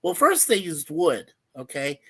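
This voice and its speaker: A chatty speaker joins a casual livestream conversation, teasing the others. The voice sits at a middle pitch. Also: sing-song, unhurried, husky. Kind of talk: casual chat.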